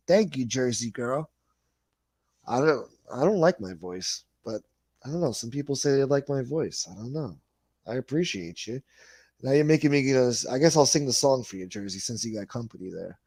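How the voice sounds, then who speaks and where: A man's voice: medium pitch, lively intonation, normal speed, darkish tone, no room sound. A man hosting a livestream in a casual chat, reading viewer comments aloud in a laid-back, rambling way and swearing freely. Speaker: livestream host.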